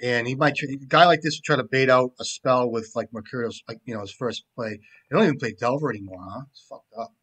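A man with a middling voice talks his way through a card game, swearing freely and kidding around. He often drops into quiet mumbles as he thinks through a move, then picks back up in a casual, joking tone. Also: quick pace, hardly any pauses, husky. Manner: profane, joking, trailing off into low mumbles. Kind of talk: casual commentary while playing.

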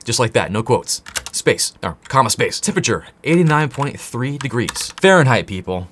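An excitable man from the United States teaches coding, joking and talking straight to the viewer. His pitch swings widely as he goes. Keyboard typing sounds in the background. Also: normal speed, a little hiss or hum. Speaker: coding instructor. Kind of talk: enthusiastic tutorial.

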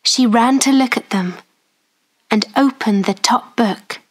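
Woman narrator, storybook for learners, very slow and careful, breathy, a bit high. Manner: slow, careful, clearly spoken.

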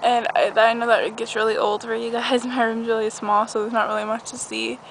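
A woman's voice: on the high side, flat delivery, a little fast. A young woman chatting casually in a vlog from a backyard trampoline, rambling and giggly, with a dog barking nearby. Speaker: vlogger. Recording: noisy outdoor camcorder audio. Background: outdoor ambience with a dog barking.

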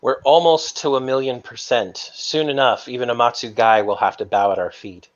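A male guest on a casual podcast, cutting in with short, dry jokes. His voice has a middle pitch and comes through a dull, lo-fi call line that takes the sparkle off it. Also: steady tone, normal speed. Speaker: guest co-host.

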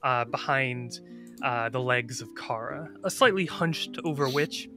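Guy player describing his character, bright voice, faint guitar music under it. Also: mid-range voice. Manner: descriptive, halting.

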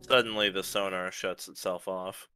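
A man running a tabletop science-fiction game as game master, narrating in a relaxed, matter-of-fact way with fillers. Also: low-pitched, moderate pace, a little hiss or hum.

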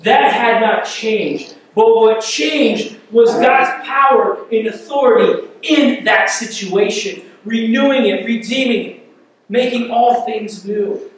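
Animated high-voiced pastor in an echoey church. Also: male voice, slow, a little hiss or hum. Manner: animated, acts out quotes, conversational asides. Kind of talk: sermon. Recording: echoey church hall from far off.

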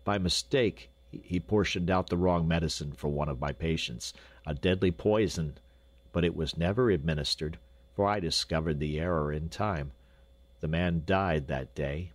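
Casting: grieving old doctor, gruff and grave, very low voice, read by a male narrator. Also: moderate pace, no room sound. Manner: sobbing, broken, then grave.

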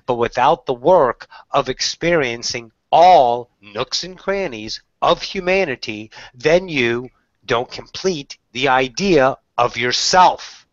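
A woman's voice: very deep voice, no echo. A woman channeling spiritual teachings in a webinar, preachy, with rhetorical questions, calling the listener darling. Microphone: webinar call audio. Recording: slightly dull webinar audio.

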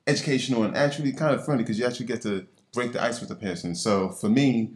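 A man's voice: mid-range voice, fast. A man from Nigeria with a Nigerian accent, speaking on a conference panel and telling it playfully, with rhetorical asides. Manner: animated storytelling, playful, rhetorical "right?". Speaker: orthopaedic surgeon. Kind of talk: panel discussion. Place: symposium lecture hall. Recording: echoey conference hall on a mic.

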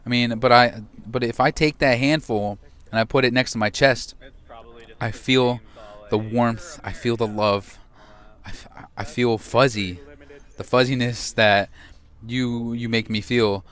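Halting, sentimental young man. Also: mid-range voice, fairly even intonation, fairly bright tone. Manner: halting and sentimental, joking to cover emotion. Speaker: gamer paying tribute to a friend. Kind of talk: casual heartfelt speech to camera.

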